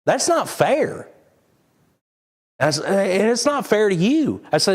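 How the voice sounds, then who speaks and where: A man's voice: high voice, very animated, takes it slowly, slightly rough. A man preaching a sermon, talking candidly and conversationally. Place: church sanctuary.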